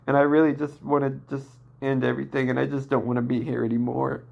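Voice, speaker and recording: A man in his twenties venting in a downcast, distressed personal vlog, talking haltingly with many restarts. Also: mid-range voice, flat delivery, vocal fry, highs cut off. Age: 20s. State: emotionally distressed. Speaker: vlogger.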